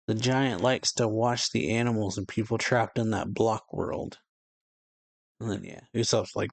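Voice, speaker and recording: A man's voice: on the low side, fairly even intonation, moderate pace, gravelly, no room sound. A man reading comic dialogue aloud in a casual, plain way, chuckling often between lines. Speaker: reaction channel host.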